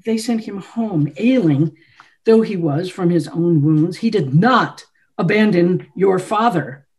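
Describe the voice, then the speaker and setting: A woman voicing an earnest young male piano tuner who speaks in a controlled, measured way. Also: fairly low pitch, expressive, a little mellow.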